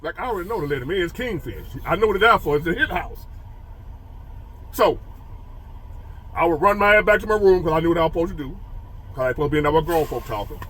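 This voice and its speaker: A man's voice: a little high, expressive, fast, pauses often, fairly bright tone, a little hiss or hum. A man telling a childhood story and turning it into preachy life advice for men, repeating phrases for emphasis. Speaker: motivational storyteller.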